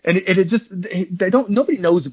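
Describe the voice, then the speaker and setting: This interview guest, who founded an online community, tells his story in a rambling, slangy, casual way and keeps calling listeners "bro." His voice is high, husky, and fast, and the recording sounds muffled.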